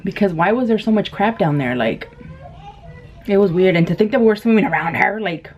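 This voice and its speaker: A woman's voice: mid-range voice, lively intonation, brisk, a little mellow. Chatty woman vlogger eating on camera. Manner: chatty, laughs often, many fillers. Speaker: mukbang vlogger. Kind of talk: casual storytelling while eating. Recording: dull lo-fi camera audio with faint noise.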